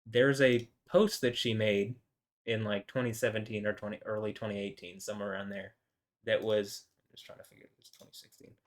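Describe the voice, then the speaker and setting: Brief: indignant man, lowish voice, rambling vlog commentary with lots of fillers. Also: level tone, fairly quick. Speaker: video host.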